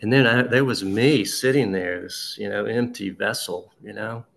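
A man telling a personal recovery story in a halting, conversational way, with frequent restarts and asides. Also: fairly low pitch, fairly even intonation, creaky, fairly bright tone, a little hiss or hum. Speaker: speaker sharing a recovery story. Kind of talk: personal testimony.

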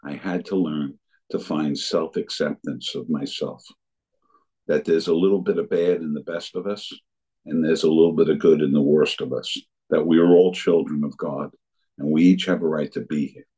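Older man, deep low voice, husky, earnest personal recovery story. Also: steady tone, normal speed, mellow, low-quality recording. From New Jersey area. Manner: earnest storytelling, acting out remembered dialogue. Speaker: speaker sharing his recovery story. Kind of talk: personal testimony talk.

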